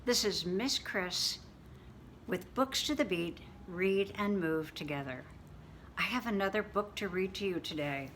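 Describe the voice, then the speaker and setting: A woman reading a picture book aloud to children in an animated, expressive way, sometimes dropping to a whisper. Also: mid-range voice, a little slow, a little hiss or hum. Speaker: children's storyteller.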